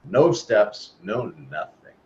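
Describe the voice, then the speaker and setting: A man's voice: on the low side, big pitch swings, takes it slowly, a little mellow, a little hiss or hum. A man leading a spiritual discussion on a video call, talking earnestly with repeated emphatic phrases. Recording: muffled video-call audio.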